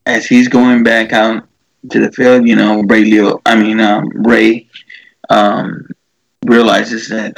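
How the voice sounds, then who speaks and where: Guy with a gravelly voice retelling a movie, lots of um and you know, dry mic. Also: fairly low pitch, flat delivery, takes it slowly, no room sound, low-quality recording. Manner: rambling, many fillers and restarts, acts out quotes. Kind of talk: casual chat, retelling a movie.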